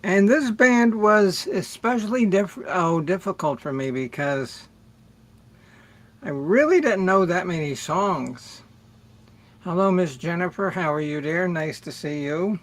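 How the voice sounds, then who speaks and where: A middle-aged man hosting a music livestream, chatting slowly and rambling as he greets viewers by name. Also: high-pitched, expressive. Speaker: livestream music show host. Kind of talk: casual livestream chat with viewers.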